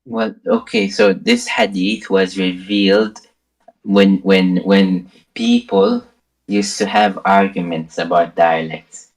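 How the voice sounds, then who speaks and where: A man's voice: sits low, big pitch swings, slow pace, creaky, low-quality recording. A man calling into a live debate who speaks hesitantly, stammering and repeating words as he makes his point. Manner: hesitant, stammering, soft-spoken. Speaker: caller.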